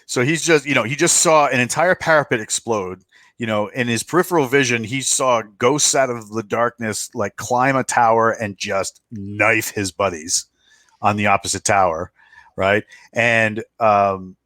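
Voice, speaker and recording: A man's voice: mid-range voice, normal speed, sharp tone, dry recording. A man narrating a tabletop game as game master, in a loose, chatty way with many check-ins. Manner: loose, filler-heavy narration with frequent "right?" check-ins.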